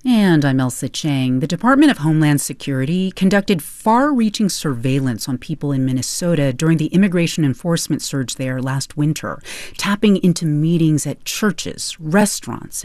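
A woman news host presenting a scripted story introduction in a lively, expressive way. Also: low-pitched, no echo.

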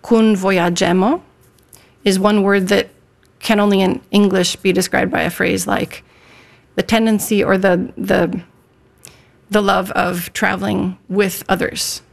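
A woman's voice: medium pitch, level tone, unhurried, gravelly. A woman guest in an interview, patiently explaining how a language works. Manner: patient, instructive.

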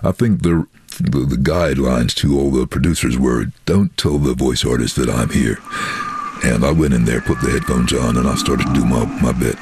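A man, a voiceover artist, telling lively anecdotes in an interview and acting out other people's voices. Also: a bass voice, normal speed, slightly rough. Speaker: voiceover artist and train driver. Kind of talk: storytelling in an interview.

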